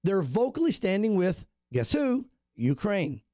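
A man's voice: high-pitched, lively intonation, brisk, darkish tone, no echo, studio quality. A man, a pastor, talking animatedly and emphatically on a radio show, rambling with restarts. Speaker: pastor, guest commentator. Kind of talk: casual radio talk on prophecy.

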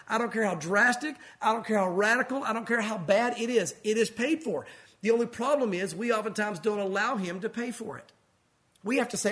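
A man preaching as a pastor, telling a story dramatically, then pleading softly with the congregation. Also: high voice. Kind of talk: sermon. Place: church.

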